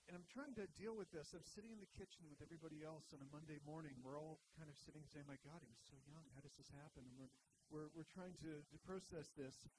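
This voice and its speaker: A man doing stand-up, telling a long workplace story in a wry, conversational manner and turning to the audience now and then. His voice sits a little high for a man, with a faint hum of room noise behind him. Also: darkish tone, rough recording. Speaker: stand-up comedian. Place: live venue.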